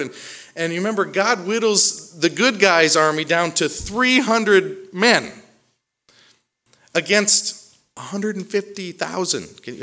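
A man's voice: fairly high pitch, pushed and bright. A man preaching a sermon, retelling a story with acted-out voices, frequent restarts and joking asides. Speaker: pastor.

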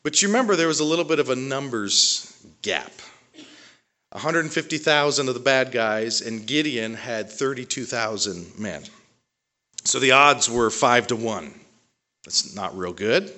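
A man's voice: mid-range voice, lively intonation, unhurried, bright, forceful tone. A man preaching a sermon, retelling a story with acted-out voices, frequent restarts and joking asides. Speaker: pastor.

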